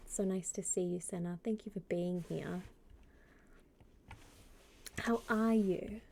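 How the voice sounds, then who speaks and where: A woman streamer chatting casually with her viewers, greeting them by name and often dropping into a soft half-whisper. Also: on the low side, steady tone, slow pace, creaky, long pauses, background noise. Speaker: live streamer. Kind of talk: casual live-stream chat.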